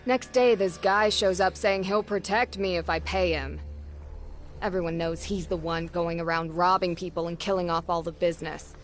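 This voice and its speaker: An actress playing a tired, exasperated potion merchant in a video game, talking in an everyday, put-upon way. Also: female voice, lowish voice, fairly even intonation, moderate pace, faint music behind, close to an everyday voice. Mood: weary. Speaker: shopkeeper.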